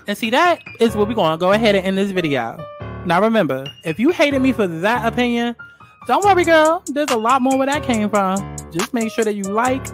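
A man's voice: high-pitched, fairly bright tone. A man giving casual pop culture commentary in a sassy, profane, emphatic way, repeating lines for punch. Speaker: commentary vlogger.

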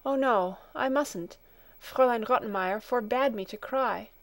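A woman's voice: on the high side, measured pace, no room sound. A woman reading a storybook, voicing a timid, homesick little girl who is near tears and gives small, hesitant answers. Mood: homesick, tearful.

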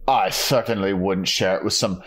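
A man's voice: sits low, steady tone, moderate pace, fairly bright tone. A man playing a snide arrogant villain. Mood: condescending. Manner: condescending.

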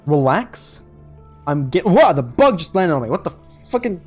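Lively, jokey young man gaming. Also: a little high, moderate pace, husky, faint music behind. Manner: jokey, rambling, swears and laughs. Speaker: gaming YouTuber. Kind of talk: casual gameplay commentary.

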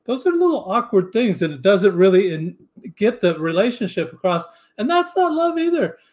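Earnest, halting male guest, higher voice. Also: very animated, darkish tone. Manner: earnest, halting with restarts and fillers. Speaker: podcast guest. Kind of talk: casual interview chat.

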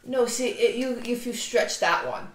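A woman's voice: on the high side, unhurried. A woman playing a tabletop role-playing game, talking in a playful way and using slang in character. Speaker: player. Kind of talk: tabletop role-play, casual play. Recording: echoey room with background noise.

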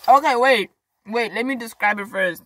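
A woman's voice: a little high, normal speed, fairly bright tone, a little hiss or hum. Young South African woman, casual vlog to camera, frank and emphatic, lots of "like". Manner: frank, chatty, emphatic with many fillers. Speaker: vlogger.

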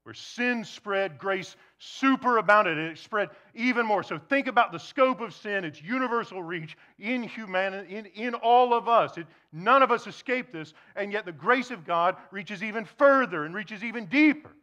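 A man preaching a sermon to a congregation, shifting between loud emphasis and hushed near-whispers, and acting out imagined questioners. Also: high voice, expressive, moderate pace, few pauses. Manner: acts out imagined questioners in quoted asides. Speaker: pastor.

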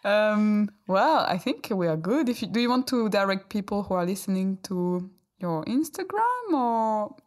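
A woman's voice: mid-range voice, sing-song, measured pace, few pauses, a little mellow. A woman hosting a podcast interview, encouraging her guest with brief, affirming replies. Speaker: podcast host. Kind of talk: casual interview chat.

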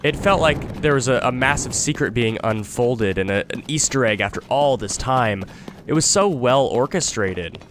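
A man's voice: medium pitch, animated, moderate pace, fairly bright tone, a little hiss or hum. A man giving casual, chatty commentary while playing a video game, often restarting his thoughts. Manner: chatty, self-interrupting musings. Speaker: let's play host.

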